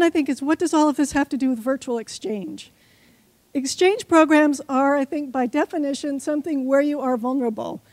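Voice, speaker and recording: A woman's voice: high voice, darkish tone, dry recording. A woman giving a short conference talk, coaxing and speaking straight to a live audience.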